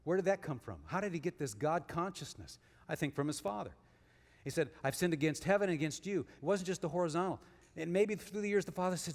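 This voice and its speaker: Man, sermon, high voice, long church-hall reverb, emphatic then hushed. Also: expressive, moderate pace. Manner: swings from emphatic rises to hushed storytelling. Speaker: guest speaker. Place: church sanctuary.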